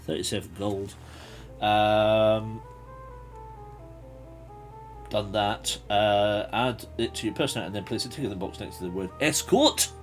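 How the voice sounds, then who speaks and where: A man's voice: fairly low pitch, measured pace, long pauses, soft background music. A man hosting a livestream as game master, reading a gamebook aloud and chatting with viewers, laughing often and thinking aloud. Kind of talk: reading a gamebook live with chat.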